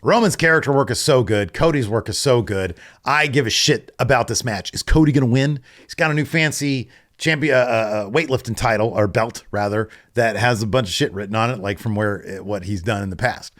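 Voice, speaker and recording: A man hosting a wrestling podcast, excitable and profane, grading matches in casual talk and mocking wrestlers in put-on voices. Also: medium pitch, fairly quick.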